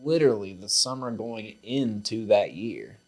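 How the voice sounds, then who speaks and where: A man's voice: on the low side, moderate pace. Male podcast host, loose storyteller, laughs through his tales, salty language. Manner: animated, laughing, swears freely. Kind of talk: casual storytelling chat.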